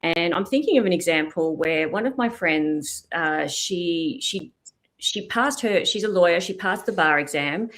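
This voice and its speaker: In an expert interview, a middle-aged female voice specialist walks through and demonstrates vocal technique. She has a lowish, expressive voice with a fairly bright tone, and she keeps a measured pace.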